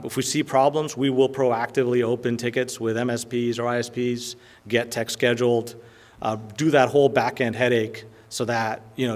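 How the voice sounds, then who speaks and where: Guy pitching his company at a lunch meeting, lots of ums, chatty, average pitch. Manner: filler-heavy, conversational pitch with frequent "um" and "right?". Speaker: company presenter. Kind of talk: business sales presentation.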